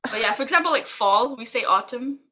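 Young woman, from Macau, bright crisp voice, podcast co-host, casual chat, giggly, filler-heavy. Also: fairly high pitch, lively intonation, brisk. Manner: giggly storyteller, lots of filler likes.

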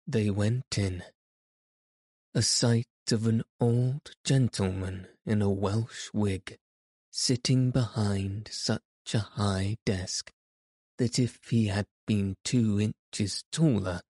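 Male narrator, audiobook reading, measured and expressive, lowish voice, dry close sound. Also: dry recording.

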